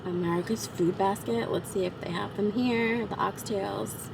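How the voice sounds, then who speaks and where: A woman in her thirties chatting through a casual home vlog, her voice gravelly with fry. She fills her talk with "like" and "so yeah". Faint background noise sits under the phone-camera sound. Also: medium pitch, fairly even intonation, normal speed. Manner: chatty, lots of fillers like "like" and "so yeah". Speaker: vlogger.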